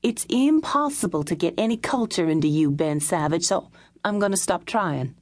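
A woman narrator voicing a proud, quick-tempered woman detective who answers sharply and indignantly. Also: fairly low pitch, animated, darkish tone, no room sound, studio quality.

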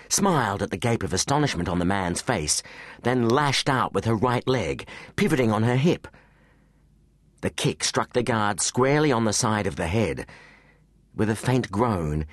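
A man's voice: lowish voice, no room sound. Guy narrating a teen spy audiobook, lots of ups and downs in his voice, dry close studio sound. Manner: expressive storytelling. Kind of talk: scripted narration. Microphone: close studio mic.

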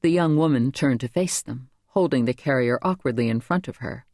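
A woman's voice: brisk, no room sound, studio quality. A woman reading a contemporary novel aloud as an audiobook narrator, lifting her voice for the characters. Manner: lively, voices characters with raised pitch. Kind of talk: scripted narration.

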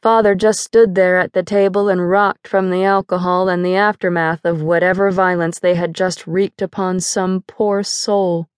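A woman narrating a first-person audiobook in a measured, dramatic storytelling manner, close to a studio mic. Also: fairly low pitch, flat delivery, clear, resonant tone, no echo.

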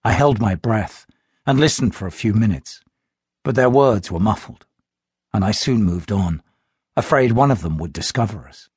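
A man narrating an audiobook in the first person, telling the story with expressive, tense delivery. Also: on the low side, normal speed, husky, dry recording, clean studio sound.

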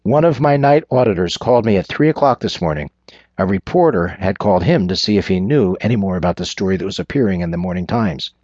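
A man's voice: low voice, animated, quick pace, a little mellow, slightly rough, no echo. A man voicing a furious wealthy father who blusters and swears at his daughter. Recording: dull lo-fi recording.

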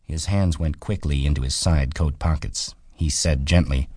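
A man reading a novel aloud as an audiobook narrator, calm and measured, on a close studio mic. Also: extremely low pitch, dry recording. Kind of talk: scripted narration.

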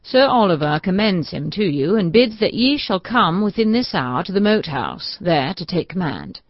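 A woman's voice: on the low side, sing-song, moderate pace, dry recording. A woman voicing a grizzled male bailiff who barks orders, in an audiobook. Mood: gruff. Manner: barking orders. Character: gruff grizzled bailiff, man, commanding. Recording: dull, dry audiobook recording.

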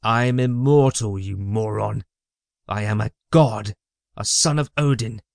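A man's voice: fairly low pitch, a little slow, vocal fry, no room sound, clean studio sound. A man voicing an arrogant trickster god who sneers and hisses his threats. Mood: menacing. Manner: sneering, hissing.

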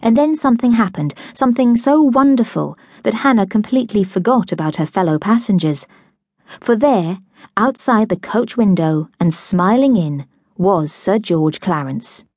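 A woman narrating a novel in an audiobook, with a measured, even storytelling manner. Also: medium pitch, no echo, studio quality. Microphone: close studio mic.

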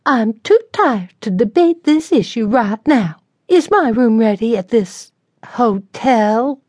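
A woman voicing a haughty, impatient young Southern lady in an audiobook, with a shrill, indignant manner. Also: lively intonation, slow, darkish tone, no room sound. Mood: irritated.

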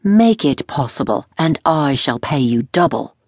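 Woman voicing a gruff, curt young gentleman. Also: sits low, sing-song, measured pace, dry recording, studio quality, full character voice.

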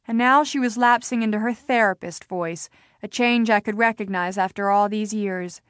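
A woman narrating a novel in the first person, with an even storytelling delivery. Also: medium pitch, normal speed, clear, resonant tone, no echo, studio quality. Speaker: audiobook narrator.

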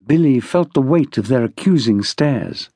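A man reading an unabridged mystery novel as audiobook narrator in a measured, expressive manner. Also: medium pitch, breathy edge, no room sound, clean studio sound. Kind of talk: scripted narration.

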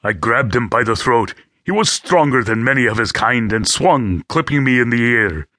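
Bright man narrating an audiobook. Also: mid-range voice, lively intonation, normal speed, dry recording, studio quality. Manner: gritty and vivid storytelling. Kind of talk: scripted first-person audiobook narration. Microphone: close studio mic.

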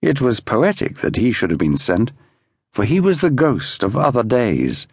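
Expressive male audiobook narrator. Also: mid-range voice, moderate pace, breathy edge, no echo, clean studio sound.

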